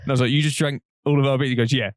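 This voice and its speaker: A young man, co-hosting a podcast and telling rambling, animated stories while laughing often. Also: medium pitch, very fast, no room sound, clean studio sound. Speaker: podcast co-host. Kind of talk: casual storytelling chat.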